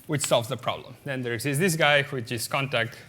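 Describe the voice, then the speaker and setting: Bright-voiced man giving a math lecture. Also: medium pitch, a little fast, slight background noise. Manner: explanatory, often checks the audience with "okay?"; many "uh" and "um" fillers and restarts. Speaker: mathematics lecturer. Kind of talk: conference lecture at a board.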